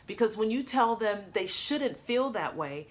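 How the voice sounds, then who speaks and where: Animated woman coach talking to camera. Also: mid-range voice, a little slow. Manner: upbeat, animated, acts out example lines.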